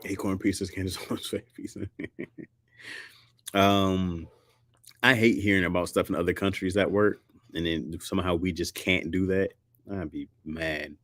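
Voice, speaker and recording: A man from the United States chatting casually and jokingly with his audience, often jumping into a high squeaky pitch for emphasis. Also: fairly even intonation, moderate pace, pauses often, fairly bright tone, no room sound. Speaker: streamer host. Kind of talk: casual chat.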